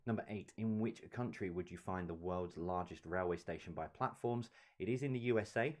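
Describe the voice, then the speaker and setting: A man's voice: sits low, a little fast. A man hosting a live-streamed quiz, reading each question and its answer with offhand chatty asides. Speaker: quiz host.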